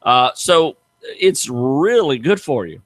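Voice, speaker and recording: Man, middle-aged, folksy emphatic storyteller, lively up-and-down voice, dry studio sound. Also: mid-range voice, slow pace, no room sound. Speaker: radio show host, gator hunter. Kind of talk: casual radio chat, storytelling.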